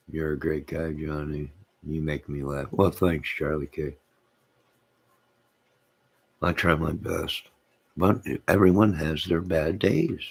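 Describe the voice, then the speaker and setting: A man's voice: extremely low pitch, gravelly, slightly rough. A man hosting his own channel, rambling to his live chat, reading out comments and laughing to himself. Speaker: channel host.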